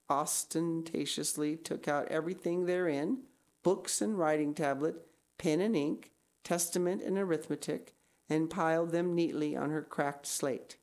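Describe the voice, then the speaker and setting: Low-voiced woman reading a novel aloud. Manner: measured storytelling with expressive emphasis. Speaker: reader.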